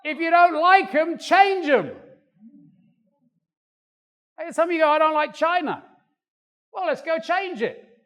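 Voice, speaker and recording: An older man preaching a sermon in a church, animated and acting out quoted voices. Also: very high voice, unhurried, long pauses. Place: church hall. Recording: long reverb of a church hall.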